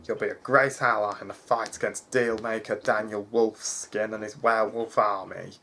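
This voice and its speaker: A man voicing a hearty male army soldier who talks in a loud, encouraging way. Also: on the low side, fairly even intonation, normal speed, slight background noise.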